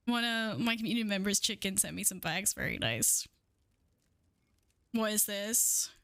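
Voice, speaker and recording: A young woman streaming live, chatting excitedly with her viewers, swearing and laughing often. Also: mid-range voice, moderate pace, no echo, clean studio sound. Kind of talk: casual live-stream chat.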